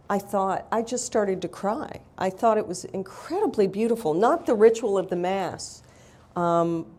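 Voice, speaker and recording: A woman's voice: mid-range voice, dark tone. A woman author telling candid, wry stories in a live interview, blunt and self-mocking.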